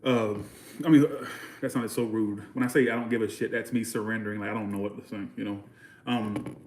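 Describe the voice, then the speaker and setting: A man's voice: on the low side, fairly even intonation, fairly quick, darkish tone, echoey room, a little hiss or hum. A man from Georgia with a Southern US accent, rambling bluntly in a casual livestream chat with viewers. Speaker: channel host.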